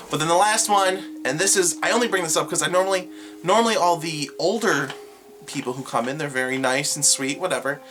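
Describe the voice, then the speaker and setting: A young adult vlogger telling workplace stories to camera in an animated, exasperated, sarcastic way. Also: medium pitch, a little fast, faint music behind. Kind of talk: storytelling rant to camera.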